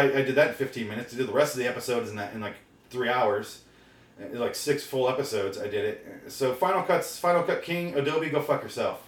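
A man rants at his camera in a solo vlog, swearing freely and sounding fed up. His voice sits at an ordinary pitch for a man. The room adds a noticeable echo. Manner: profane, exasperated ranting. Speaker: vlogger. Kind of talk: ranting solo video. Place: room recorded on camera and portable recorder.

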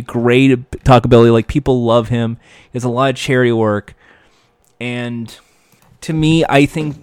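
A man's voice: medium pitch, a little mellow, no room sound. Dry-voiced man rambling enthusiastically. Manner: enthusiastic, digressive, many fillers and restarts. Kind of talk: casual chat.

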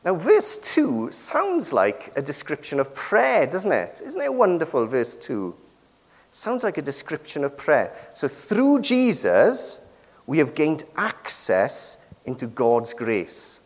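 British preacher with lively intonation in a reverberant hall. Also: male voice, a little high, takes it slowly. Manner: conversational, asks the congregation questions with frequent tag questions. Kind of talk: sermon. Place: church. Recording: long reverb of a church hall.

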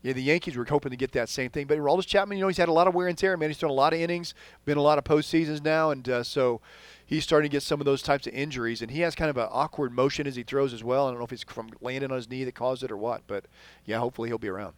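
A man from Texas co-hosting a casual sports podcast, rambling through points and trailing off quietly at the ends of sentences. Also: medium pitch, rapid-fire, no echo. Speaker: podcast co-host.

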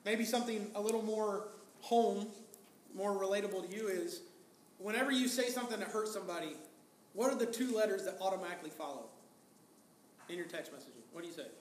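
A man preaches to his congregation in a loose, conversational way, firing off rhetorical questions and slipping into quoted lines. His voice sits high for a man. The sound rings in an echoey church hall with a faint hiss underneath. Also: brisk. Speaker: pastor. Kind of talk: sermon.

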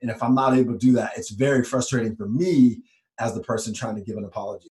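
A man's voice: medium pitch, fast talker, darkish tone. A man co-hosting a podcast, speaking earnestly and reflectively, with frequent fillers. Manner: earnest and self-examining, with fillers. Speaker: podcast co-host. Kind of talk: reflective conversational podcast talk.

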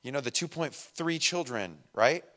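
A man preaching a conversational sermon, acting out quoted voices and swinging between loud and soft. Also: mid-range voice, animated, normal speed. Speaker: pastor.

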